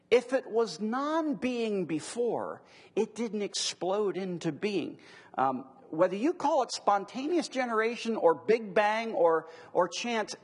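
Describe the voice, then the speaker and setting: A man with a high, husky voice gives a lecture to a live audience. He talks conversationally and then slows down to repeat his key phrases for emphasis. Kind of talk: classroom lecture on apologetics.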